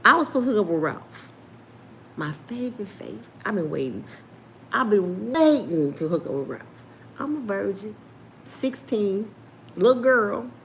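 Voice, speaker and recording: A woman in her fifties telling a casual story, animated and laughing often as she acts out the people in it. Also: medium pitch, normal speed, pauses often, a little hiss or hum. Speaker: storyteller host.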